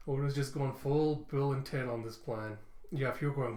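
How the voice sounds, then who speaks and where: Male manga reviewer, animated casual talk, medium voice, recorded in a roomy space. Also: medium pitch. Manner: animated, reads dialogue in quick character bits. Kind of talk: casual reaction and read-aloud. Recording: roomy echo.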